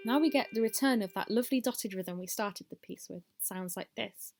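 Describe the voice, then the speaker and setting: A woman's voice: mid-range voice, fairly quick, few pauses. A woman teaching a music lesson step by step, counting beats aloud and encouraging the class.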